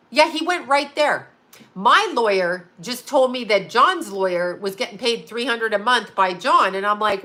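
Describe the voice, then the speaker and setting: A woman in her fifties chats bluntly and profanely, breaking into laughter often. Her voice sits a little high and has a bright, sharp edge. She talks off the cuff, like a host speaking straight to her viewers. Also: expressive, moderate pace. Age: 50s. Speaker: psychic medium and astrologer. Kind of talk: casual livestream chat.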